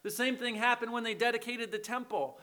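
A man with a high, bright voice preaching a sermon. He keeps it conversational and keeps checking in with the congregation as he walks through the passage. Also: steady tone, brisk. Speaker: pastor.

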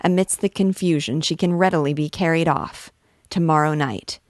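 A woman's voice: deep voice, moderate pace, no echo, studio quality. A woman voicing a vain, wordy male poet who rambles and boasts about his clever plans. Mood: musing. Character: vain chattering male poet, pleased with himself.

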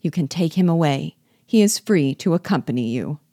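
Brief: woman reading a low-voiced, obsequious yet scheming male rebel chief; audiobook, dry mic. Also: expressive, normal speed, mellow, no room sound. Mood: sardonic. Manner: sly, falsely frank, obsequious.

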